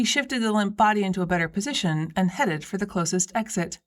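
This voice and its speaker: A woman reading a first-person story as an audiobook narrator, with a wry, lively delivery. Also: mid-range voice, fairly quick, hardly any pauses.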